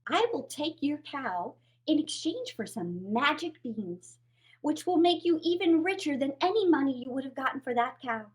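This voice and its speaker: A woman's voice: high voice, animated. A woman voicing a wise old woman who coaxes a boy in a storybook. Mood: coaxing. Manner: slow and soothing. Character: gentle wise old woman, tricky trader.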